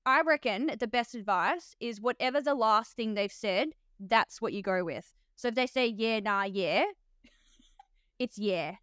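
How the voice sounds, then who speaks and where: A woman's voice: fairly high pitch, measured pace, fairly bright tone, clear, resonant tone, no echo, studio quality. A woman with an Australian accent hosting a podcast as a nurse, chatty and laughing often, with lots of "like". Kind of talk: casual podcast chat.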